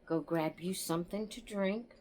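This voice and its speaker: A tired woman hosting her own channel, chatting to viewers in a rambling, relaxed way and yawning now and then. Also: on the low side, normal speed. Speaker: doll channel host. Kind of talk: casual chat to viewers.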